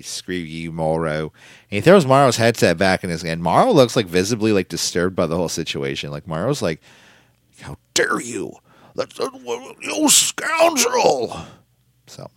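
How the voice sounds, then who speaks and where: Low-voiced man rambling through a solo recap. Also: dry recording, clean studio sound. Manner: rambling and opinionated, quotes people in put-on voices. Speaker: podcast host recapping wrestling.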